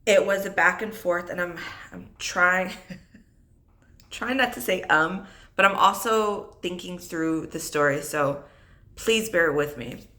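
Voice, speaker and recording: A young adult woman, a single mother who vlogs, tells an unscripted personal story about her divorce, reflective and tearful as she holds back her emotions. Her voice is fairly low with a sharp tone, and she speaks a little slowly.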